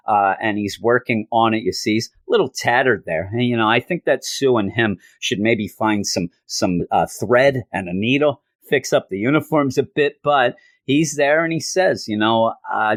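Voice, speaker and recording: A man's voice: on the low side, normal speed, no echo. Chatty man reviewing comics. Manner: chatty, retells scenes with acted quotes; loose with fillers and restarts. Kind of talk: casual review chat.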